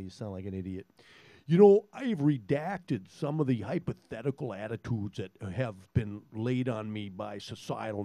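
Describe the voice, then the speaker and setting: A man's voice: mid-range voice, dark tone, no room sound. A man from Minnesota with a Minnesotan accent, a guest musician chatting casually between songs in a garage studio, joking and self-deprecating in a rambling way. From Minnesota, USA. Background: guitar.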